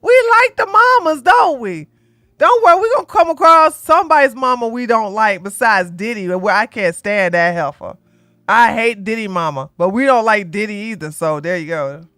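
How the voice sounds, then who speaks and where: A woman doing blunt, sassy reaction commentary, ranting loudly and laughing between clips. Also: fairly high pitch, animated, normal speed, dry recording. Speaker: commentary streamer.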